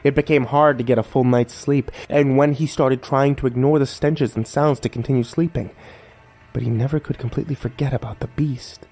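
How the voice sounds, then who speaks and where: A man's voice: medium pitch, fairly even intonation, darkish tone. Man narrating a horror story. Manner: measured, dramatic. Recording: faint music underneath.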